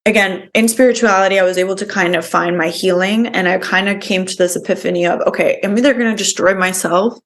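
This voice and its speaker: A young woman speaks as a podcast guest, recounting her own past with earnest feeling. She talks in a loose, rambling way, filling her sentences with "like" and "you know". Her voice sits at an ordinary middle pitch for a woman. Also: steady tone, fast, few pauses. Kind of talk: personal storytelling in an interview.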